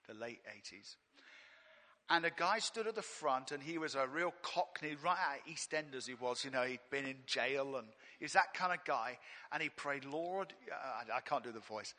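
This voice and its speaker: Brief: straight-talking preacher, fairly high voice, long reverb of a church hall. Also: male voice, bright, forceful tone. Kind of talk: sermon.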